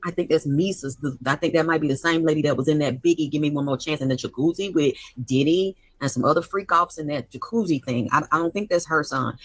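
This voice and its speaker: A woman's voice: deep voice, a bit bright, no echo. Shaky-voiced woman, rambling anxiously. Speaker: live-stream host. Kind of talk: emotional live-stream monologue. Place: at home by the stove.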